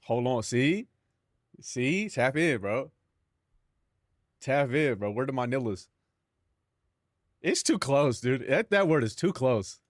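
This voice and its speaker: A man's voice: medium pitch, lively intonation, slow pace, long pauses, no room sound, studio quality. A young man streaming live, rambling casually to his chat and himself, swearing freely.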